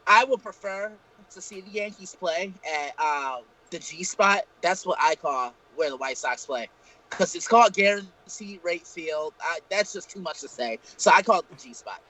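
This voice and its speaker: A man's voice: high-pitched, expressive, moderate pace, pushed and bright, poor audio. A man co-hosting a casual live-streamed talk show, telling profane, rambling stories. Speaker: podcast co-host. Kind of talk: casual storytelling chat.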